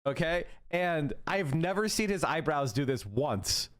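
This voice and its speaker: A man hosting a casual livestream, reacting to a clip with animated, self-interrupting commentary. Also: on the high side, unhurried.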